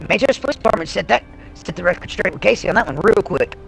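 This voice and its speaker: Blunt, foul-mouthed streamer woman with gravelly voice. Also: medium pitch, lively intonation, quick pace, faint music behind, low-quality recording. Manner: blunt, heavily profane, emphatic. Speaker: livestreamer. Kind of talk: casual storytelling on a live stream.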